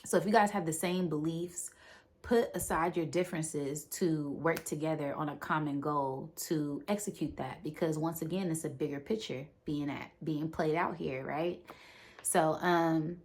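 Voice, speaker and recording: Low-voiced woman recapping a movie. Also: steady tone, moderate pace, darkish tone. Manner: rambling, with many fillers and acted-out quotes. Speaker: movie reviewer.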